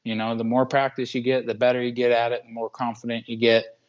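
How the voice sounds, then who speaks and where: A man in his twenties from Washington State, a guest talking earnestly and haltingly with many pauses. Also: mid-range voice, level tone, dull audio. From Washington State, USA. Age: 20s. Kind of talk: casual interview chat.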